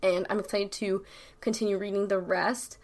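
A woman's voice: mid-range voice, little pitch movement, normal speed, darkish tone. A young adult woman from New York with a New York accent, chatting casually to camera with rambling, slang-heavy talk full of "like" and "literally". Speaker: YouTuber.

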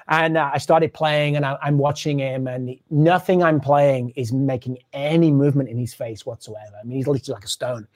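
A touring drummer telling a story in an interview, animated and acting out the people he quotes. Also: mid-range voice, a little fast, hardly any pauses.

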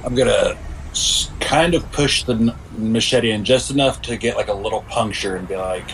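A man playing a tabletop game, talking calmly and with a menacing edge. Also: fairly low pitch, moderate pace, slight background noise, low-quality recording. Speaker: player. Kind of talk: casual tabletop game play.

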